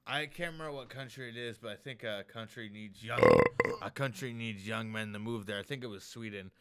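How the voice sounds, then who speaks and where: A man's voice: on the low side, a little fast, pushed and bright. A man in casual podcast banter, making dry, hesitant corrections.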